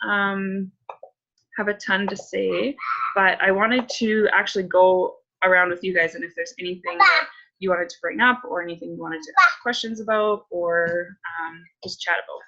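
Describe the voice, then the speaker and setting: A woman's voice: mid-range voice, expressive, moderate pace, creaky, sharp tone, highs cut off. A woman coach leading a casual group check-in, chatty and candid, full of likes and ums.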